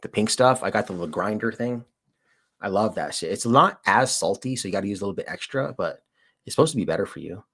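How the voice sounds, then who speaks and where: A man's voice: fairly low pitch, expressive, fast, a bit bright, breathy edge. A man hosting a livestream, chatting casually with viewers in a rambling, slangy way, full of "dude" and "like". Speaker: livestream host and auditor. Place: lives in Colorado.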